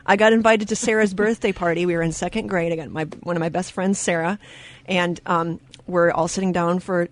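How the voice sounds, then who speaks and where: A woman hosting a radio talk show in a studio, telling stories with lively quoted voices and frequent laughter. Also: fairly low pitch, a little fast. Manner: animated storyteller, acts out quoted voices; laughs often mid-sentence. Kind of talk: casual radio chat.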